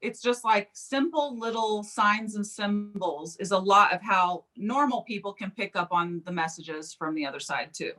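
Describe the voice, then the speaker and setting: Animated woman telling a personal story. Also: mid-range voice, moderate pace, few pauses. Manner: animated, acts out quoted speech. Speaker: psychic medium guest. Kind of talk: casual storytelling in an interview.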